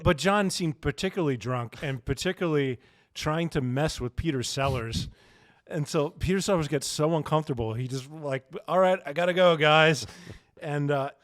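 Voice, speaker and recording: A man co-hosting a podcast, talking in an easy, jokey way and laughing often between points. His voice sits a little higher than most men's. The sound is dry and close, with no room echo. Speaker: podcast co-host. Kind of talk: casual chat.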